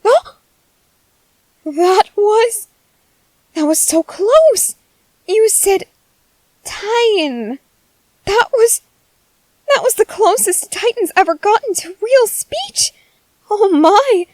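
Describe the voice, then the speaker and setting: A woman voicing an eccentric, excitable female scientist in an ASMR role-play, coaxing and gushing in a cheerfully unsettling way. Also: high-pitched, slow, pauses often, no room sound, heavily acted, poor audio. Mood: thrilled.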